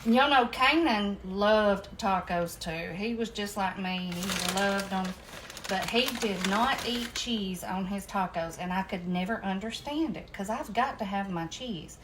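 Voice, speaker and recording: A woman's voice: medium pitch, measured pace, background noise. Chatty woman cooking in her kitchen. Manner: chatty, folksy, addresses viewers as y'all. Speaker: home cooking vlogger. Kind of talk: casual chat while cooking. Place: home kitchen.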